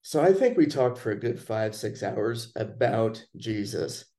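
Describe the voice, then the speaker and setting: A man casually telling a personal story in conversation, relaxed and chatty, acting out what people said. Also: fairly low pitch, unhurried. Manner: relaxed, chatty, acts out quoted lines.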